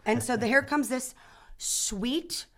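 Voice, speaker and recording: A woman in her thirties, a guest actor telling stories in a casual podcast chat, animated and full of restarts. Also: sits high, slow. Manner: animated storyteller, many restarts and fillers.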